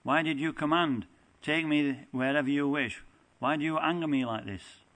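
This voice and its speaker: A man's voice: a little high, normal speed, a bit bright, rough recording. A man reading aloud the part of a tender, teasing young divine lover, plainly and earnestly from a scripture text.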